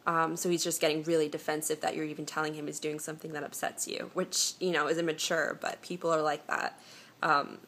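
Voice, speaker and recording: A young woman vlogs from home on her phone camera, answering viewer questions with chatty, reassuring relationship advice full of "um"s and restarts. Her voice sits low and a bit bright, with a flat, fairly quick delivery.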